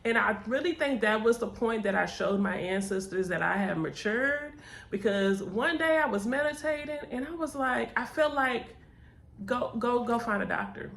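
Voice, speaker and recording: A woman's voice: on the high side, normal speed, gravelly. A young adult woman vlogger, telling her story candidly and expressively. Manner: expressive, animated, says "baby" and "child". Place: cousin's house. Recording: echoey room.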